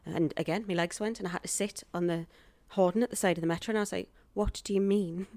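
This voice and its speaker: Rapid-fire and fairly low-pitched, this woman is a podcast guest, an actress and stand-up comic, spinning lively stories in an interview. She performs the quoted lines herself, and the recording is dry.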